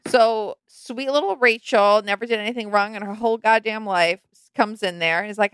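A woman's voice: medium pitch, normal speed, hardly any pauses, a bit bright, clean tone, no room sound. A young woman co-hosting a podcast, gossiping animatedly and acting out quotes in casual chat. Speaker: podcast co-host.

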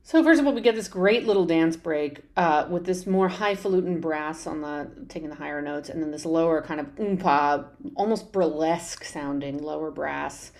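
A woman's voice: deep voice, normal speed, few pauses, darkish tone. A woman podcast host talking through a show tune's lyrics in a conversational, explanatory way, with frequent fillers and restarts. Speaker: podcast host analyzing a musical. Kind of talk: conversational analysis.

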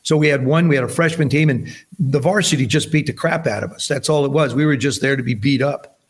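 Husky and fast-talking at a medium pitch, this New Jersey man in his seventies guests on a podcast, casually telling animated stories and performing the voices of the people in them.

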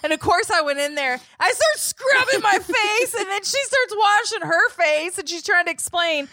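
A woman's voice: extremely high pitch, normal speed, dry recording. A woman co-hosting a podcast, telling stories in casual chat and acting out the lines of other people. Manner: animated storyteller, acts out quotes. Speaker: podcast co-host.

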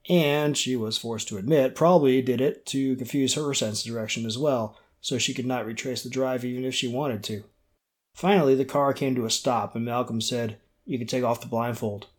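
A man narrating a novel in a steady, measured way. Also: mid-range voice. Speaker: audiobook narrator. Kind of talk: scripted narration.

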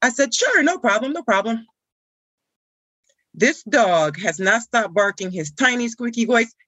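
A woman's voice: fairly high pitch, animated, measured pace, bright, forceful tone, dry recording, full character voice. A woman performing a comic monologue as a frazzled woman stuck watching a wild puppy, telling it with indignant exclamations. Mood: exasperated.

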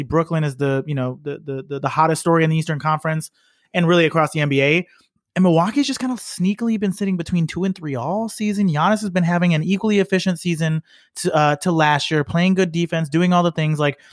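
A man's voice: fairly high pitch, a little fast, no room sound, clean studio sound. Rambling man on a sports podcast. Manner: rambling, filler-heavy, profane. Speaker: podcast co-host. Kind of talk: casual sports chat.

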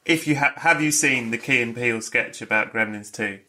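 A man hosting a podcast interview, quick and jokey, enthusiastic and casually swearing. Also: mid-range voice, sharp tone, slight background noise. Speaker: podcast host.

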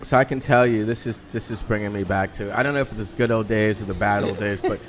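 Relaxed New man talking while eating. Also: lowish voice, fast, a little hiss or hum. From New Orleans. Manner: relaxed, talking with his mouth full. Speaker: guest. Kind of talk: casual radio chat.

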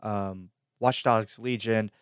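A young man hosts a casual gaming podcast, his voice on the low side and recorded close and dry. He talks loosely, pausing on fillers and laughing easily. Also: steady tone, clean tone, no room sound. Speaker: podcast host. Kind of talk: casual chat.

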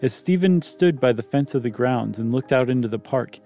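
A man's voice: mid-range voice, lively intonation, normal speed, mellow, faint music behind. A man reading a ghost story aloud, stopping now and then for joking comments. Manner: reads plainly, breaks off to joke and comment. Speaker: story reader. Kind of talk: casual storytelling with banter.

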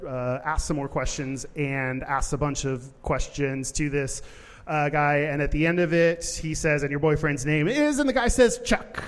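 High-voiced man retelling a movie. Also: normal speed, big-room sound. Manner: animated storyteller, swears, laughs often. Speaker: podcast co-host. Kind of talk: casual comedic chat.

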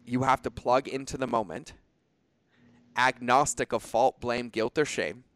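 Male podcast host, energetic, emphatic, curses casually, dry close sound. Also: mid-range voice, unhurried, no echo.

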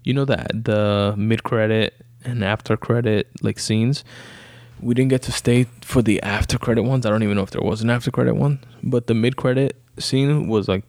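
A man's voice: fairly low pitch, creaky, a little mellow, no room sound. A young man talking casually about a film he saw, dry and sarcastic, full of fillers and swearing. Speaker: vlogger. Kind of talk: casual movie review chat.

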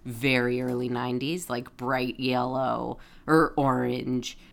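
A woman's voice: rumbling low, flat delivery, slow, creaky. A woman co-hosting a podcast, recapping a TV episode in casual chat, full of filler words and agreement. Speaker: podcast co-host.

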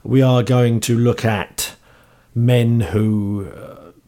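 A man with a New Zealand accent hosting a podcast in casual chat, slightly hoarse, upbeat and chatty with a lot of ums and uhs. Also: medium pitch, fairly even intonation, very slow, dark tone. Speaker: podcast host.

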